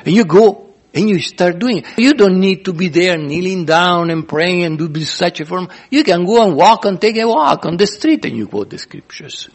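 A man's voice: high-pitched, lively intonation, moderate pace, hardly any pauses. A man pastor teaching a sermon in an earnest, repetitive way, often restarting phrases.

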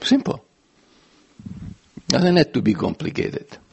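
A man's voice: mid-range voice, wildly swooping pitch, slow, gravelly, breathy edge. A man preaching a sermon in an earnest, emphatic way, his voice swelling and dropping as he stresses points. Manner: earnest, emphatic, with sudden rises and drops in loudness.

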